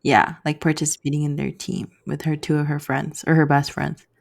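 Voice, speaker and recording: Low-voiced woman co-hosting a casual chat. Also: flat delivery, a little fast, creaky. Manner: easygoing, prompting questions. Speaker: podcast co-host.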